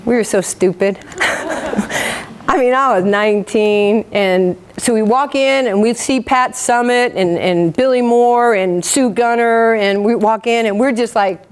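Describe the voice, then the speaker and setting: A woman's voice: fairly high pitch, a little slow, clear, resonant tone. A woman, giving a motivational talk full of stories and acted-out dialogue. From New York. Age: 50s. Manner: animated, acts out quoted dialogue. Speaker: guest speaker.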